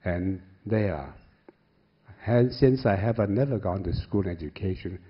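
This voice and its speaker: Older Korean-accented man, low husky voice. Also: unhurried, lo-fi sound. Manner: storytelling, acts out past dialogue with rising emotion. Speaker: speaker at a gala. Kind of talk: emotional speech.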